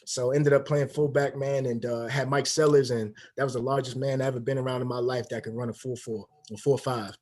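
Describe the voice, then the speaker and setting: A man's voice: mid-range voice, brisk, hardly any pauses. A man in his thirties, a former football player, telling stories in a casual interview and acting out the dialogue. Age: 30s. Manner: animated storyteller, acts out quoted dialogue.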